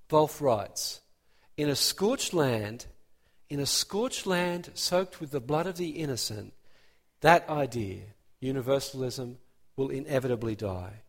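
A man preaching a sermon, emphatic and animated, building his points with rising emphasis. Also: mid-range voice, a little slow, big-room sound.

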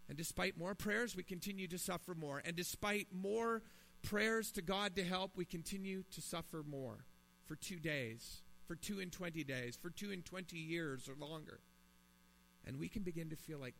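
A man's voice: sits high, moderate pace, vocal fry, a bit bright. A man preaching a sermon in his thirties or forties, earnest and building to emphatic pleas. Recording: long reverb in a hall, mains hum.

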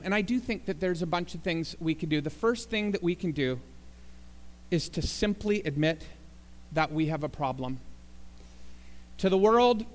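A man preaching a sermon as pastor, telling jokes and building to emphatic appeals in a church sanctuary. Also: high-pitched. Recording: long reverb in a large hall.

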